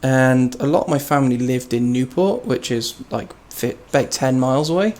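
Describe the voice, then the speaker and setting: A man's voice: medium pitch, moderate pace, a little mellow, rough recording. Chatty man narrating a train game. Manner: rambling, chatty, laughs at himself. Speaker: streamer playing a train simulator. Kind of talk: casual gameplay commentary and storytelling. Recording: game noise behind the voice. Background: train simulator engine and rail sounds.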